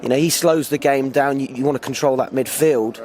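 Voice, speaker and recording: A man hosting a fan channel, calmly chatting with fans outdoors and asking questions. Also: medium pitch, brisk. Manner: calm, agreeable, asking questions. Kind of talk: casual fan interview. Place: outdoors on a city street.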